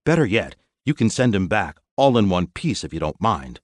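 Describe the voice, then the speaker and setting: A man's voice: low-pitched, lively intonation, fairly quick, no echo, studio quality. A man voicing a stiff, threatening male military captain in an audiobook. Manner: stiff, snarling.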